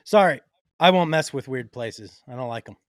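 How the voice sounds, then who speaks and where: Lively joking male podcast host. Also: mid-range voice, a little fast, dry recording, clean studio sound. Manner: joking, sarcastic. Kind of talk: casual chat.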